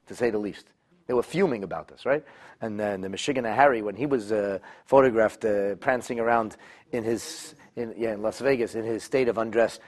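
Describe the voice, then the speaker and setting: A man teaching a Torah text study class, animated, with halting restarts and repeated words. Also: mid-range voice. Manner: animated, rising to exclamations, voices the king in quotes.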